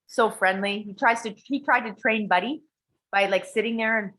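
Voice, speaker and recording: Woman, casual profane storyteller, bright forceful voice, animated delivery. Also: medium pitch, moderate pace, low-quality recording. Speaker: guest sharing a personal story.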